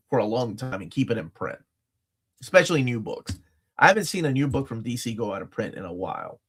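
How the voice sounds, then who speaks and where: A man co-hosting a casual chat livestream, talking in a rambling, jokey, animated way. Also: medium pitch, slightly rough. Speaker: livestream co-host.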